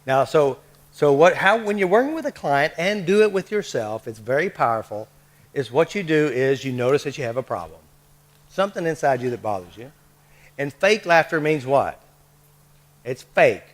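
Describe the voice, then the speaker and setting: A man's voice: a little high, lively intonation, normal speed. A man leading a live workshop, coaxing the group with short repeated prompts and checks. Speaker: workshop leader.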